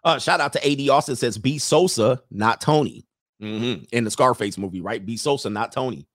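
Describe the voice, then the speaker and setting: A man's voice: medium pitch, normal speed, dry recording, clean studio sound. A man hosting a live stream, reading viewer comments aloud and riffing on them in a loose, joking way. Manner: loose, joking, talks straight to the chat. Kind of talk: casual commentary.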